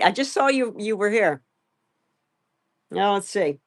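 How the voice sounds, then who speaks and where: Middle-aged woman host, lively sing-song pitch, soft baby talk to a pet, casual chat with viewers. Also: measured pace, pauses often. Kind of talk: casual live-stream chat.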